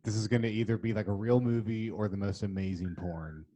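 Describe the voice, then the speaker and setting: A man's voice: on the low side, fairly even intonation, a little fast, dark tone, muffled recording. A man co-hosting a podcast, chatting casually with enthusiasm, swearing and laughing. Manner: enthusiastic, profane, laughs often. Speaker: podcast co-host. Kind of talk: casual chat.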